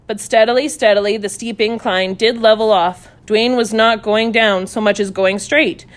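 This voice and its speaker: A woman reading a children's story aloud, playful and animated, voicing sound effects as she goes. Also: medium pitch, moderate pace.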